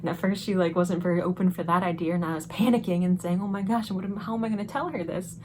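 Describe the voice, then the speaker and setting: A young woman vlogger telling a personal story in a chatty, excited way, laughing often. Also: on the low side, quick pace, a little hiss or hum. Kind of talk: casual storytelling vlog. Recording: music playing behind the voice.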